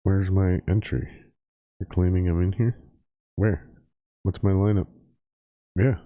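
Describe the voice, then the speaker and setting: A man's voice: low-pitched, fairly even intonation, measured pace, warm tone, no echo. A man hosting a casual show, swearing and grumbling to himself in exasperation as he drinks. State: drinking while talking. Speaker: podcast host. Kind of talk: casual profane rant and phone chat.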